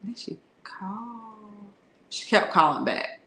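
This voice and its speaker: A woman's voice: mid-range voice, animated, slow pace, bright, forceful tone. A woman telling a candid personal story in a frank, slangy, conversational way that is broken up with laughter. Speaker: tarot reader and channel host. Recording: echoey room.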